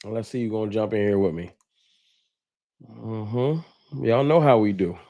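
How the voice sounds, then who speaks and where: A man's voice: on the low side, measured pace, gravelly, lo-fi sound. A man hosting a fan livestream, casually greeting viewers by name in laid-back slang.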